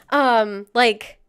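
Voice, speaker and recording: A young woman streams and chats with her viewers in a slow, unhurried way, laughing often and poking fun at herself. She sounds out of breath. Her voice is bright and sits a little high. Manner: laughs often, chatty and self-mocking. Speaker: music streamer. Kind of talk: casual livestream chat with viewers.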